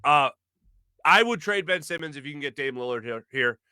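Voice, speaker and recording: A man hosting a sports talk show, hoarse from losing his voice, giving an emphatic opinion monologue and clearing his throat now and then. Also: fairly high pitch, expressive, normal speed, pushed and bright, no room sound. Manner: emphatic, repeats phrases for stress, clears throat often.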